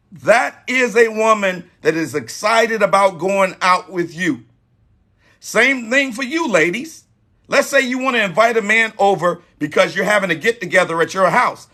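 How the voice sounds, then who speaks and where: A man in his forties with a high, bright voice gives dating advice live. He talks emphatically and drives points home by repeating them. He sounds friendly and direct. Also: moderate pace. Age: 40s. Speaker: host.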